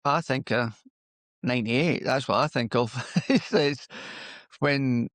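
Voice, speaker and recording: A man in his fifties with a Scottish accent softened by a Lancashire lilt, a guest telling relaxed stories in a casual interview. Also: mid-range voice, takes it slowly, no room sound. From Scotland. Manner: relaxed, anecdotal storytelling. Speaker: podcast guest, former footballer.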